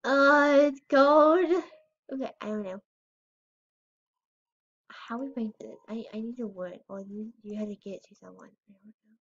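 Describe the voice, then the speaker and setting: A woman's voice: medium pitch, fairly even intonation, normal speed, gravelly, pauses often, dark tone, breathy edge, highs cut off. A female voice giving casual, rambling commentary while playing a game, often unsure of herself and squealing over cute items. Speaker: gamer showing her game house.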